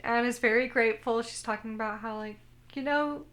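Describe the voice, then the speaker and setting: Bright-voiced woman co-hosting a podcast. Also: on the high side, a little fast. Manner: retells scenes, quoting characters in her own voice. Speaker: podcast co-host. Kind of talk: casual chat recapping an anime.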